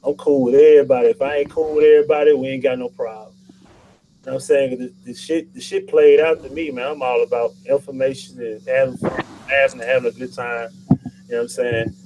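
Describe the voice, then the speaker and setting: A man's voice: medium pitch, steady tone, a little fast, mellow, slight background noise, low-quality recording. A man hosting a casual live-stream chat, loose, profane and rambling, getting fired up. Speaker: YouTube channel host.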